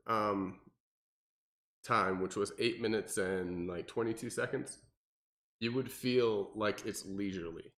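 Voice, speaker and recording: A man, a personal trainer co-hosting a podcast, talking casually and animatedly with lots of fillers and restarts. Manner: animated, mimics people in exaggerated high voices, many fillers and restarts.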